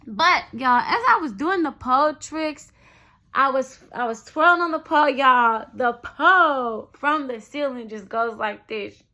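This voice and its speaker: Her voice sits high and her pace is measured as this young adult woman recounts something personal in a relaxed vlog. Animated and talkative, she speaks directly to viewers, calling them "y'all" again and again.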